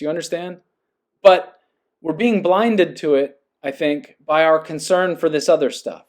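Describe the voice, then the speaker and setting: Earnest musing man, fairly high voice. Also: darkish tone. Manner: earnest, musing, checks in with listener. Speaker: podcast host. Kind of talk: reading aloud and reflective monologue.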